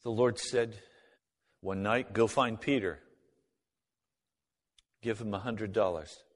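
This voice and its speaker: A man's voice: fairly low pitch, takes it slowly. A man giving a spoken personal testimony, acting out both sides of remembered conversations as he tells the story. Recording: long hall reverb.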